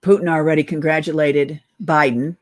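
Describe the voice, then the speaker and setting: This is a breathless middle-aged woman on oxygen, a political video blogger ranting urgently into the camera and calling her audience guys in a casual, conspiratorial style. Her voice sits low and keeps a steady tone at a moderate pace.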